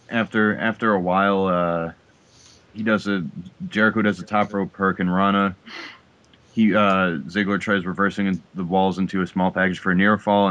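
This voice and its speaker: Deep voiced guy listing wrestling moves, muffled lo-fi podcast sound. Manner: listing moves in a steady recap. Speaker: podcast co-host. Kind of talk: casual play-by-play recap.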